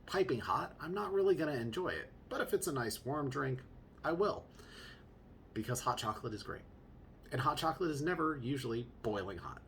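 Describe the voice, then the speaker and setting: A young man chatting casually as a podcast host, his voice bouncing up and down as he jokes through a story about fatherhood. His pitch sits in a middle register, and a faint low rumble hums in the background. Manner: animated, joking, chatty asides.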